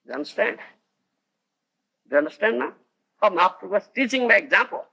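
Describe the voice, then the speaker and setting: A man's voice: high-pitched, expressive, fairly quick, vocal fry, sharp tone, breathy edge, low-quality recording. A man with an Odia accent giving a devotional lecture, often laughing and asking his listeners whether they understand, on an old tape recording. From India. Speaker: spiritual teacher.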